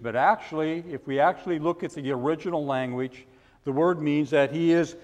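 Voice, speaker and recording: Guy preaching slow, high voice, big echoey church hall, lots of questions and build-ups. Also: darkish tone. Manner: preaching with rising emphasis and rhetorical questions. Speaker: pastor. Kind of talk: sermon.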